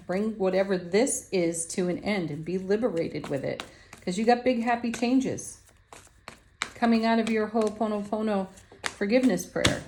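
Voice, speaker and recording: A woman giving a spiritual tarot card reading in a gentle, affirming way, laughing softly now and then. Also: mid-range voice, measured pace, a little hiss or hum.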